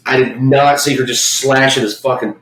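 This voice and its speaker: A man from Memphis talks film in casual, profane bursts, restarting his sentences as he goes. His voice sits at an ordinary pitch and rings around an echoey room. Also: steady tone, moderate pace, fairly bright tone, a little hiss or hum. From Memphis, US South. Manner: blunt, profane, rambling with restarts. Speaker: podcast co-host.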